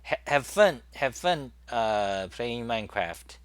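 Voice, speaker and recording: A man's voice: medium pitch, lively intonation, slow, clear, resonant tone, no room sound. A man hosting his own talk show in a casual, rambling monologue, full of fillers and restarts.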